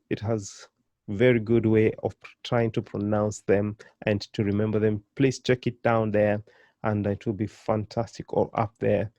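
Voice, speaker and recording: Male language teacher, warm low tone, dry close sound, patient and encouraging, lively pitch jumps. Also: no echo. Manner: encouraging, repeats words slowly for learners to copy; animated, with sudden jumps in pitch and volume. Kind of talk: beginner language lesson.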